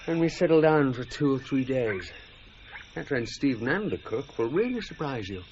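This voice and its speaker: An actor playing a brisk, easygoing British husband on a colonial trek, with a teasing manner. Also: male voice, medium pitch, big pitch swings, darkish tone. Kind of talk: radio drama acting. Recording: muffled radio recording with faint noise.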